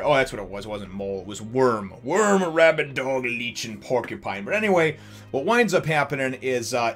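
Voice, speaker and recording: A man hosting a casual episode review, rambling and animated, full of fillers, chuckles and acted-out bits. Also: on the low side. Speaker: anime reviewer and channel host.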